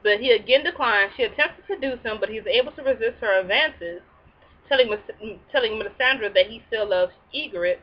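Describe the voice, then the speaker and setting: A woman's voice: fairly high pitch, a little fast, dull audio. A woman hosting a casual episode recap, reading plot summaries and breaking in with sassy, slangy asides. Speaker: recap show host.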